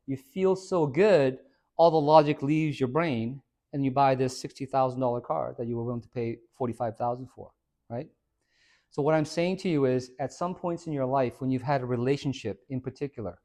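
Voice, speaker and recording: A man's voice: mid-range voice, brisk. A man, a fitness trainer, gives a casual motivational talk to a small group and acts out the voices of the people in his stories. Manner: animated storyteller who acts out quoted voices.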